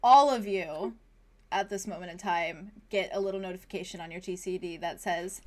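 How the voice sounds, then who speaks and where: A woman's voice: fairly low pitch, normal speed, a little mellow. A woman running a tabletop role-playing game as game master, narrating scenes with frequent laughs and fillers. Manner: laughs often, many fillers, vivid descriptive narration.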